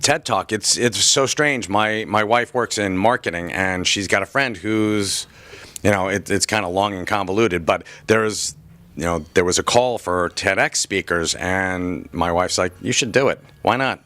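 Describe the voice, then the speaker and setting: A man's voice: sits low, unhurried, sharp tone, no echo. A man working in a comic shop, answering interview questions in a chatty, joking way, with frequent restarts. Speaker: comic shop worker and podcaster.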